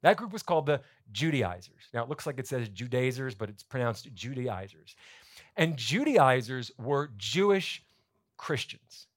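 A man preaching a sermon to his church congregation, explaining scripture in a lively, conversational teaching manner. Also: mid-range voice, normal speed. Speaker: pastor. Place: church sanctuary.

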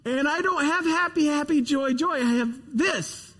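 A man preaching a sermon, telling a story with animated, emphatic repetition before leading a prayer. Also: very high-pitched, measured pace, big-room sound. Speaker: pastor.

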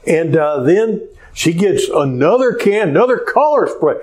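A pastor preaching a sermon, telling a story in an animated way with frequent hesitations. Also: male voice, high-pitched, measured pace, poor audio.

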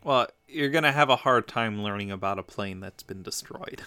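A man co-hosting a podcast in a casual fan discussion, animated and prone to mocking asides. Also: fairly low pitch, normal speed. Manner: animated, acts out quotes in mocking voices. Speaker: podcast co-host.

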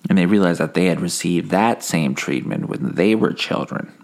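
A man hosting a comedy podcast, telling a rambling, deadpan monologue full of self-corrections and dark punchlines. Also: deep voice, normal speed, gravelly. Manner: escalates mundane stories into dark punchlines. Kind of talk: absurdist comic monologue.

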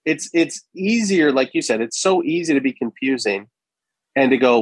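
A man's voice: medium pitch, animated, moderate pace, breathy edge, dry recording. A man in a casual conversation, arguing animatedly with rhetorical questions and acting out quoted people.

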